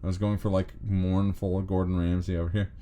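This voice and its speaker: A man's voice: deep voice, flat delivery, brisk, dark tone. A man streaming a story game, joking and mocking himself as he reads the characters aloud. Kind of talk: casual game commentary.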